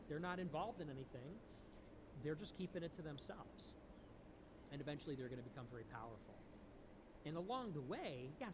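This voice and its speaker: A man giving an animated, preachy monologue, often pressing his point with "okay?". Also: on the high side. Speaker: political streamer in a played clip. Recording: noisy clip recording.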